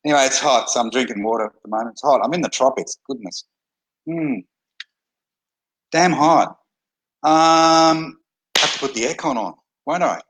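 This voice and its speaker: A man's voice: mid-range voice, animated, fast, fairly bright tone, rough recording. A man, an internet marketer, talking to camera in a blunt, rambling way from his desk, repeating himself and restarting phrases. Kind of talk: casual talking-head monologue. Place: indoors at a desk in a hot tropical climate.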